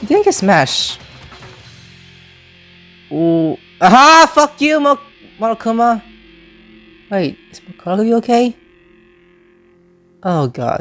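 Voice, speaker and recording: A woman giving let's play reaction commentary, excitable, with loud outbursts and swearing. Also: fairly high pitch, slow, long pauses, faint music behind. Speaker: gaming YouTuber.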